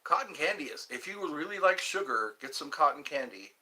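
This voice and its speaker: A man hosting a casual livestream from home, chatting in a rambling, animated way and reading viewer comments aloud. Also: brisk. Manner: chatty, rambling, animated, with pitch leaps when greeting viewers. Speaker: livestream host.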